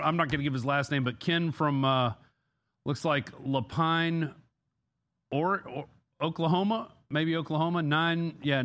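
A man, the show's news director, talking casually and haltingly in a studio. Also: fairly high pitch, fairly bright tone. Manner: hesitant, halting, with fillers.

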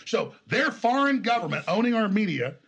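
A man's voice: high voice, big pitch swings, moderate pace, a bit bright, breathy edge. A man with a Texas accent, a guest in a conversational interview, telling a long story in an emphatic, rambling way. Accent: Texan. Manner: emphatic, rambling, acts out quoted exchanges.

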